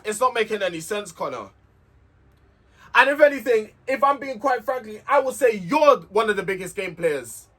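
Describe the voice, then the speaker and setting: A man's voice: high voice, lively intonation, normal speed, sharp tone. A man recapping a reality show in a casual, heated, sweary rant, repeating himself as he vents.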